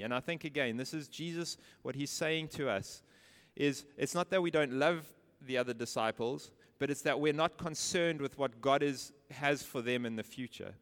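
A man delivers a sermon in a smooth, resonant voice, pressing his points with rhetorical questions and repeated phrases. His words ring out with the long reverb of a large hall. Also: medium pitch, moderate pace, fairly bright tone. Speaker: preacher.

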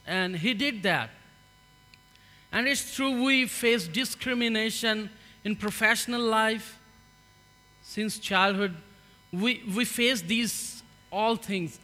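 A man from Pakistan with a Pakistani accent, giving an earnest, halting testimony in a church. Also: high voice, pushed and bright, long reverb tail. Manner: earnest, halting, with many fillers. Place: church hall.

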